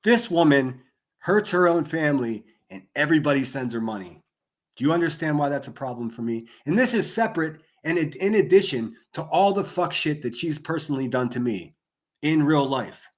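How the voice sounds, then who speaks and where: A man hosting a live stream rants hard, full of profanity and sarcasm. His voice sits somewhat high for a man. He leans into a desk microphone and punches out sudden yelled lines. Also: animated, normal speed. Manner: profane, yelling bursts, sarcastic. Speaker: livestream host. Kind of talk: angry livestream rant.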